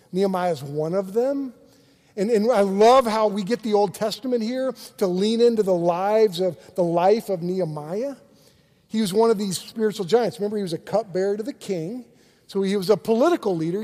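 A man preaching a sermon as a pastor, energetic, acting out quotes and repeating words for emphasis. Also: high voice, big-room sound.

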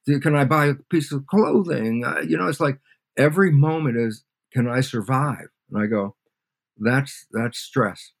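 An older man, a scientist guest in an interview, explains by acting out both sides of imagined conversations. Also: medium pitch. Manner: acts out both sides of imagined dialogues, animated. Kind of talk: storytelling lecture in an interview.

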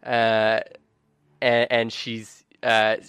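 A man's voice: fairly low pitch, extremely slow, smooth, no room sound. Laughing young man running a game. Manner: laughing often, filler-heavy, animated. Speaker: game master. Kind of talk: narrating a tabletop game.

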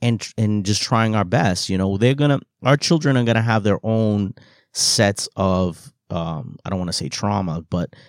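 A man co-hosting a casual parenting chat, talking haltingly with many restarts. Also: lowish voice, no room sound, studio quality. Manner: halting, many restarts and "you know" fillers. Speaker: podcast co-host.

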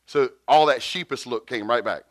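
A man, preaching a sermon and telling a story with lively jumps in pitch. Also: normal speed, no echo. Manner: animated, jumps to high pitch for quotes. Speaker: pastor.

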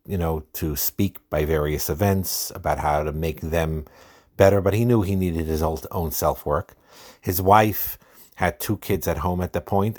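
Deep-voiced man giving a halting self-help talk. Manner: unhurried, halting, with many restarts. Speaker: host.

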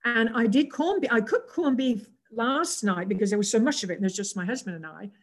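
A woman in her seventies with an English accent, an interview guest telling personal stories in a reflective, gentle way with frequent pauses and restarts. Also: fairly high pitch. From England.

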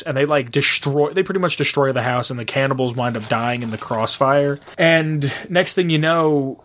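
A young man in casual conversation, excitedly retelling a movie's scenes, full of fillers and swearing. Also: medium pitch, normal speed.

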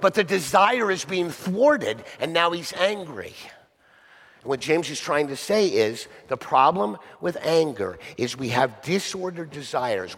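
A man's voice: fairly high pitch, fairly bright tone, breathy edge, long reverb tail. A male pastor preaching a sermon conversationally, often asking the listeners rhetorical questions.

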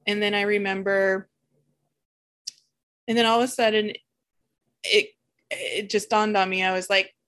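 Halting, candid woman sharing spiritual reflections. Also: medium pitch, level tone, a bit bright. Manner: halting and searching, frequent restarts; candid, emotionally open. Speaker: spiritual vlogger. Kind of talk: personal spiritual reflection monologue.

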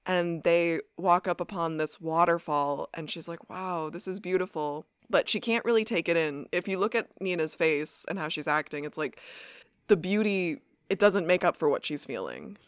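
A young woman co-hosting a podcast, chatting casually and acting out scenes in quick bursts as she retells them. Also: fairly low pitch, animated, clean tone, dry recording, clean studio sound. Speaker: podcast co-host. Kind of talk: casual recap chat.

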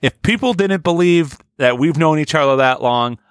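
A man's voice: a little high, lively intonation, smooth, no echo, clean studio sound. A man co-hosting a podcast, blunt and teasing, swearing freely in casual chat. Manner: blunt, swearing, quick to tease. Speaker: podcast co-host.

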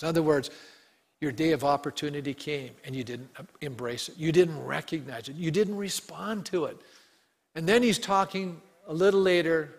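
A male pastor delivers an earnest sermon in a slightly higher voice than most men. His words carry a long reverb, as if he is preaching in a big hall. He slows down and drops his voice on the lines he reads from scripture. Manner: earnest preaching, reading scripture aloud with slowed, falling emphasis.

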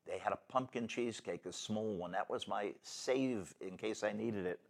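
A man's voice: lowish voice, normal speed, gravelly. Guy hosting a political talk show, chatty and rambling, says it blunt. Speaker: show host.

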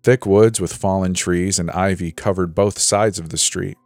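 A man with a very low, deep voice narrates a horror story in a slow, measured way. The voice is close and dry, with faint music playing underneath. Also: steady tone, a little mellow, dry recording. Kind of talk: scripted narration.

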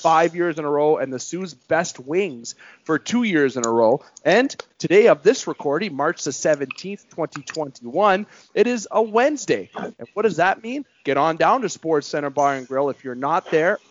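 A man hosting a sports talk show, delivering it in a hyped, promotional way with big pitch jumps. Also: lively intonation, moderate pace, muffled recording. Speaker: podcast host.

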